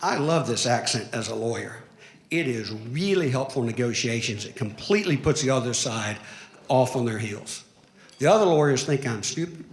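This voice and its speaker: A man from Alabama with a Southern accent performing a deadpan, self-mocking stand-up comedy set on stage. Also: mid-range voice, moderate pace, reverberant. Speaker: lawyer doing stand-up. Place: comedy stage before a live audience.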